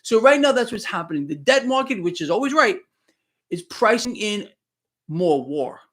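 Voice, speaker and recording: A man's voice: sits high, normal speed. A man hosting a live market commentary stream, talking bluntly and with animation, mocking panicked traders and answering viewer comments as he goes. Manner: blunt, animated, swears mildly, mocks and laughs; reads viewer comments aloud. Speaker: market commentator, show host.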